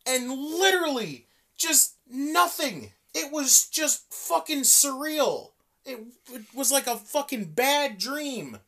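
Animated, profane woman ranting. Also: sits high, takes it slowly. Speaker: podcast co-host. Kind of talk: casual wrestling chat.

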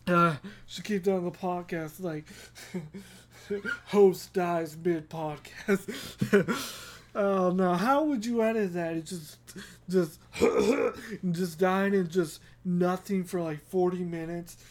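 A woman's voice: lowish voice, slow pace, darkish tone. Giggly rambling woman podcast host. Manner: giggly, rambling, self-mocking. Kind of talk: rambling comedic storytelling.

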